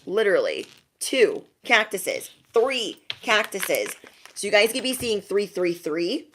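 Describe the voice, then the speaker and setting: A woman's voice: mid-range voice, sing-song, slow pace, fairly bright tone, a little hiss or hum. A young woman doing a casual spiritual card reading, chatty and laughing often as she talks to her viewers. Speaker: tarot reader.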